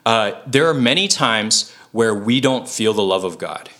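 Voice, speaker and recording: A man's voice: on the low side, lively intonation, measured pace, sharp tone. A man giving an earnest, conversational Bible teaching, full of fillers and self-corrections. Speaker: preacher.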